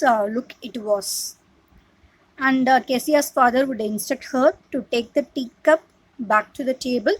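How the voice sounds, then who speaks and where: Woman teacher, slow and hesitant, fairly high voice, retelling a story for a class. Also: breathy edge, no echo, poor audio. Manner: slow, with many "uh" pauses, speaks to the class as "our" and "we".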